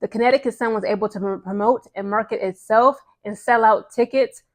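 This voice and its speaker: A young adult woman runs her own commentary vlog in a quick, eager patter, her voice sitting somewhat high for a woman. She talks emphatically and keeps tossing in "okay" as she drives each point home. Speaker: host.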